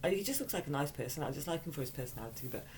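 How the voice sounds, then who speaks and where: A woman co-hosting a podcast in casual chat, swearing a lot and teasing loudly. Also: low-pitched, animated, very fast, slight background noise. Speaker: podcast co-host.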